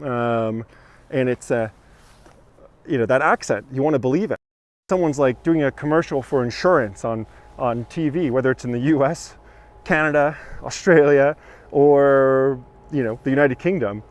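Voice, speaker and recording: On a village street outdoors, with trucks rolling past, a tour guide hosts a live walking tour, chatting, joking and responding to viewer comments. His voice is medium-pitched and his pace moderate.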